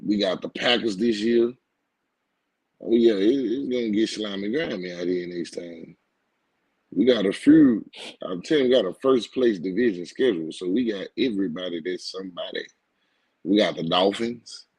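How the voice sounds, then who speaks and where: Brash husky man talking football. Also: lowish voice, moderate pace, a little mellow, dry recording, low-quality recording. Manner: brash, boastful, slangy trash talk. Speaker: co-host, football fan. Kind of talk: casual sports chat.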